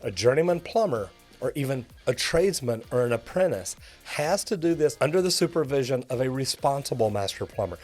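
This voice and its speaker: A man's voice: mid-range voice, lively intonation, fairly quick, darkish tone, soft background music. A middle-aged man, a master plumber teaching the trade to viewers in an upbeat, direct coaching tone. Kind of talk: instructional video talk to viewers.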